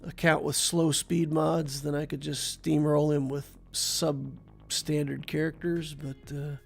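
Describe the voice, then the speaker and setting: Gravelly-voiced man commentating a game. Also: a little high, slow, soft background music. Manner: thinks aloud while playing, relaxed and chatty, talks to the viewer. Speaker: game channel host. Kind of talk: casual gameplay commentary.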